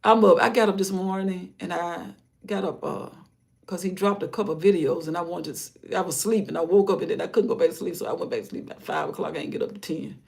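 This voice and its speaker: An older grandmother hosting a live stream, talking in a rambling, casual way about her day and her faith, often sinking into soft murmurs. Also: on the low side, quick pace, gravelly. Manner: rambling, warm-hearted, drifts into soft murmurs. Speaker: livestream host.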